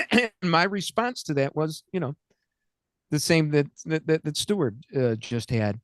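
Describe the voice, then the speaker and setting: A man's voice: fairly high pitch, lively intonation, measured pace, no room sound. A man in his sixties hosting a comedic political talk radio show, rambling and joking as he talks. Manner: rambling, joking, self-interrupting. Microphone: studio mic.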